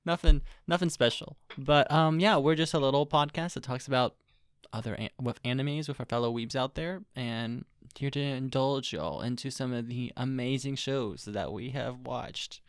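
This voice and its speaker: A man's voice: medium pitch, clean tone, no room sound, clean studio sound. Rambling young man on a casual podcast. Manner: rambling, self-deprecating, quick laughs. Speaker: podcast co-host. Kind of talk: casual chat.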